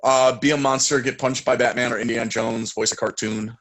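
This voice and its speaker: A young man, a guest in a casual interview, telling stories excitedly and acting out quotes loudly. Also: mid-range voice, fairly quick, no room sound, rough recording.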